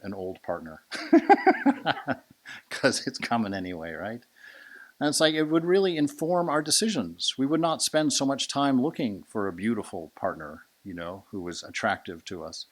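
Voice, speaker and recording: A man in his sixties giving a conversational Sunday sermon as a swami, asking "right?" often and moving from hushed to emphatic. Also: fairly low pitch. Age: 60s. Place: monastery lecture hall.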